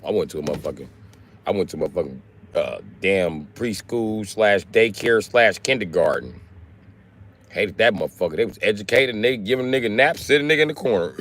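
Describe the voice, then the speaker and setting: A man in his forties from Illinois rants through profane comic stories. His voice swings widely in pitch. The tone is bright and forward. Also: fairly quick. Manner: animated, profane, storytelling. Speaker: livestream host. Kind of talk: profane comedic rant.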